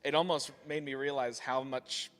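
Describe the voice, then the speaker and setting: A man's voice: mid-range voice, steady tone, normal speed, a bit bright, in a large hall. A man who plays drums, answering a question earnestly in casual chat with fillers. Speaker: drummer and music teacher. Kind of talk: casual live-stream answer.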